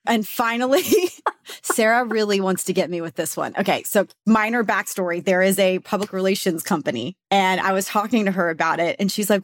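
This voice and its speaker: A young adult woman co-hosting a casual chat show, animated and quick to laugh. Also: mid-range voice, no echo, clean studio sound. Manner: animated, laughing often, playful. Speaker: podcast co-host.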